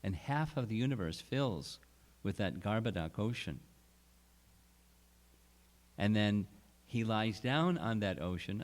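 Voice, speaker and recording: A man giving a scripture lecture at a retreat, explaining slowly and deliberately, with restarts. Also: sits low. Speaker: spiritual teacher.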